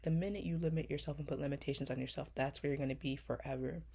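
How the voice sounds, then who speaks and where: A woman's voice: deep voice, steady tone, vocal fry, dark tone, breathy edge. A young woman in her twenties, a vlogger answering interview questions in casual, reflective talk, earnest and emotional, with frequent fillers. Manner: earnest, emotional, drawn-out pauses, many fillers. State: close to tears.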